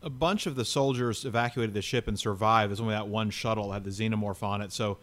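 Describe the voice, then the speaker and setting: A man's voice: lowish voice, fairly even intonation, fast, fairly bright tone. A man in a casual film chat, earnestly picking through plot details. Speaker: podcast co-host. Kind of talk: casual movie discussion.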